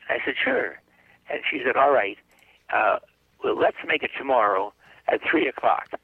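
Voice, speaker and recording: On a radio show, an older man who is a guest psychic chats his way through a meandering story, voicing the people he mentions. His tone is husky and medium in pitch. The line sounds narrow and phone-like, dry with no echo.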